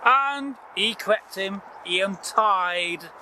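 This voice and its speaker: Brief: playful storyteller man, very bright high voice, faint traffic behind. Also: rough recording. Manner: animated, playful, drawn-out phrasing. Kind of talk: telling a folktale to a child.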